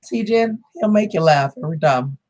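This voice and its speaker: A woman's voice: sits low, animated, moderate pace, a little mellow. Chatty woman live-streaming. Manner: chatty, laughs often, greets viewers by name. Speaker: livestream host. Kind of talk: casual livestream chat with viewers.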